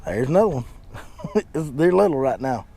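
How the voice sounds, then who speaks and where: A man, a fishing guide giving excited commentary from a boat and chatting to his dog in baby talk. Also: mid-range voice, normal speed, creaky, faint music behind. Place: on a boat on a lake, outdoors.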